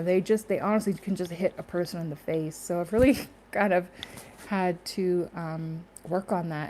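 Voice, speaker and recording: A woman's voice: fairly low pitch, dark tone, slight background noise. A woman talking casually in a spiritual vlog, rambling with many fillers and laughing to herself. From Canada. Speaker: spiritual YouTuber.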